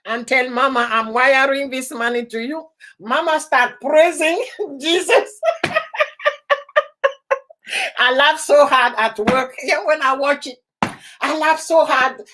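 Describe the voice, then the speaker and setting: A woman hosting a casual live stream, laughing often and heartily as she chats and repeats her warm goodbyes and thank-yous. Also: high voice, background noise.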